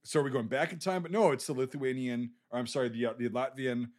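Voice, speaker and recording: A man's voice: mid-range voice, steady tone, quick pace, darkish tone. A man from the United States co-hosting a podcast, talking bluntly and profanely in a rambling casual chat about a film. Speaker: podcast co-host.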